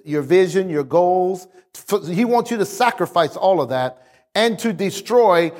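Male preacher with a high voice, delivering a fervent call-and-response sermon in a big echoing church. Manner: emphatic, call-and-response with congregation. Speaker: pastor. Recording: long reverb of a large hall.

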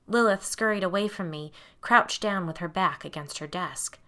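A woman reading a first-person horror story aloud in a measured, hushed storytelling manner. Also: lowish voice. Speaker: audiobook narrator.

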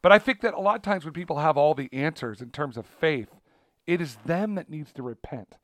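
Guy cohosting a faith chat show, kinda high voice, rambly, dry close mic. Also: lively intonation, a little fast, fairly bright tone, no room sound. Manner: rambling, many fillers and restarts. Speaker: podcast co-host. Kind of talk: casual chat about faith.

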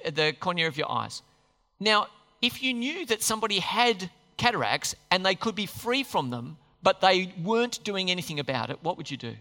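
A man preaching a sermon, animated, putting questions to his listeners as he works through a Bible passage. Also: high voice, big-room sound. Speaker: pastor.

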